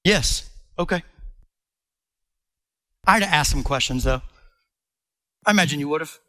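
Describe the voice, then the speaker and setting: A male pastor preaching a sermon in an animated, playful way, talking directly to his listeners. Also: a little high, fairly quick.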